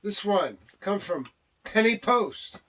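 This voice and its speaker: An older man co-hosting a casual wrestling talk show, boisterous and teasing, reading out questions and shouting to rile up his co-host. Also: sits high, expressive, takes it slowly, a little hiss or hum.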